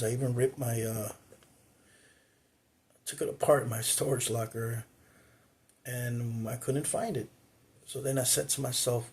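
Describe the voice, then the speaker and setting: A man's voice: medium pitch, a little mellow, husky. A man who is a spiritual teacher, telling a personal story in a reflective way, with fillers and restarts.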